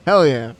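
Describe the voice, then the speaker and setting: American male streamer, casual live gameplay chatter, mid pitch, loose and rambling, light background noise. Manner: rambling, chatty, many "like" fillers; laughs easily while playing. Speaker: game streamer. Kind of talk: live gameplay commentary and chat.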